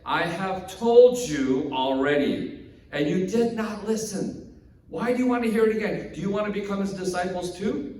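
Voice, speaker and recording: Exasperated, wry healed man, acted by a male preacher, higher voice, from a distance. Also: normal speed, a little mellow, a little hiss or hum, natural voice. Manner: exasperated, sarcastic. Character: exasperated formerly blind young man, blunt and sarcastic. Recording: echoey hall from far off.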